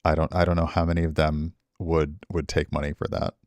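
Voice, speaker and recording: A middle-aged man with a very low voice rambles easily to his viewers, poking fun at himself as he goes. His voice is recorded dry and close, with no room sound. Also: level tone, fairly quick, darkish tone, no room sound. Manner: rambling, self-deprecating, chatting to viewers. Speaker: streamer. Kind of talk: casual stream chat.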